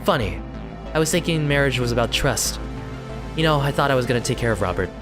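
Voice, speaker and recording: A man's voice: mid-range voice, lively intonation, fast talker, music in the background, lightly acted. A man voicing a smug, menacing cult-leader husband while reading a game aloud.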